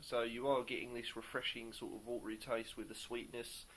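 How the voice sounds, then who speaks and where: A man talks through a beer he is tasting in a relaxed home-video review. His voice sits at an ordinary mid pitch, and he is eager yet hesitant, often stopping to search for words. A faint background hum runs under the recording. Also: fairly quick. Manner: upbeat and enthusiastic.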